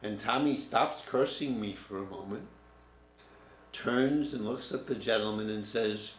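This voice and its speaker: A man in his seventies, a writing teacher, telling a personal story in a reflective, halting way. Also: on the low side. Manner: reflective, halting, restarts mid-word. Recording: roomy echo, faint room noise.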